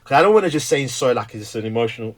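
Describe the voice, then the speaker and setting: A man's voice: mid-range voice, animated, racing. A middle-aged man, talking candidly about being a dad, who tells stories animatedly and acts out the dialogue. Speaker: stay-at-home dad. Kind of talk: candid conversation.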